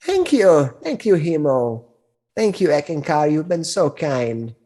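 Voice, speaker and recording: A slow, sugary old crone with a lifted, quavering pitch, all gratitude and gentle coaxing while she peddles her wares. She lingers on each word. A man puts her on for a tabletop game. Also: very animated. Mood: grateful. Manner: slow, drawn-out and sweetly grateful. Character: kindly, sly old crone who crafts cups.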